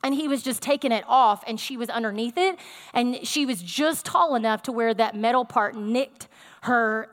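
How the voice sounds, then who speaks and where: Woman preacher, high voice, chatty sermon storytelling, lots of fillers. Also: in a large hall. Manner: conversational, animated storytelling with fillers.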